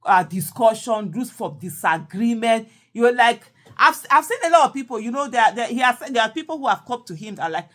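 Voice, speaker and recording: A woman's voice: on the high side, animated, brisk, hardly any pauses, a bit bright. A woman with a Nigerian accent, talking casually and animatedly, repeating phrases and slipping into Pidgin. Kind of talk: casual monologue.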